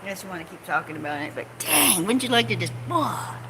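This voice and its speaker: A woman's voice: medium pitch, sing-song, a little fast, noisy background. A woman vlogging from home in a rambling casual chat, sarcastic and swearing, jumping between topics and mocking people in put-on quotes. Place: home, on couch or bed.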